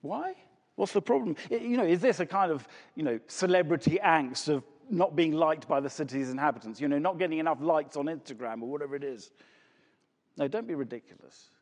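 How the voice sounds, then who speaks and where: A man's voice: fairly high pitch, fairly quick. A man preaching a sermon with emphasis, asking rhetorical questions and repeating words for effect. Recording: long reverb of a large hall.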